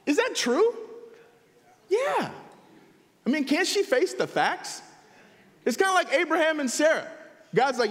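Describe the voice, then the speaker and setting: A male pastor preaching a sermon in a conversational, animated way, full of rhetorical questions. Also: very high-pitched, normal speed, long pauses, in a large hall. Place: church sanctuary.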